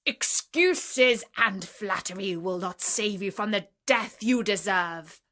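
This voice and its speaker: A woman's synthetic storytelling voice reading the lines of a furious male beast from a storybook, loud and stern. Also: slow pace. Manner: booming, stern commands. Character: huge angry male beast, furious and threatening.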